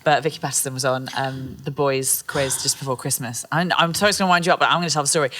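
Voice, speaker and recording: A woman co-hosting a comedy podcast, telling animated stories, swearing freely and acting out other people in exaggerated voices. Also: rumbling low, fast. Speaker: podcast co-host. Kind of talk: casual comedic chat.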